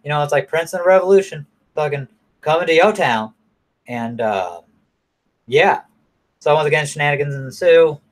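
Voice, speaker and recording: A man's voice: fairly high pitch, expressive, normal speed, pauses often. A man casually recapping a movie in a rambling, profane way, full of fillers and restarts. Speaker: movie reviewer.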